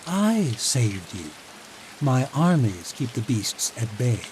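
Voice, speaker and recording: A man voicing a cunning, cold chancellor who speaks smoothly with dark amusement and menace, over steady rain. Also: medium pitch, slow pace, voice pushed up. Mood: menacing. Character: cunning, cold middle-aged male chancellor. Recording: steady rain noise behind voice.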